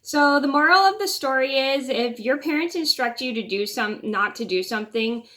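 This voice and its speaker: Bright-voiced young woman telling a rambling story. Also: high-pitched, animated, moderate pace. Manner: rambling with many restarts and repeated words. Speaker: vlogger. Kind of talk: casual storytelling vlog.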